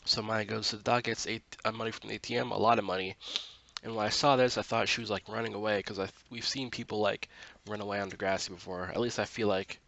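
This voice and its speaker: Bright-voiced man rambling through a recap. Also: fairly low pitch, steady tone, fast talker, gravelly. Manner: rambling, heavy use of 'like' and 'um', self-corrections. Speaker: TV episode recap vlogger. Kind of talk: casual spoken recap.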